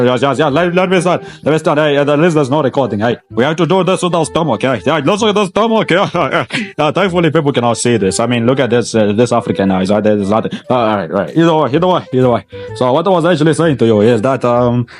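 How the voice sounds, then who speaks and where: A man's voice: mid-range voice, lightly acted. A man putting on a crude, boastful male pro wrestler in a comedy skit, rambling and stammering over his words. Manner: rambling, stammering, repeats words, laughs at own jokes. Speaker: parody interview guest.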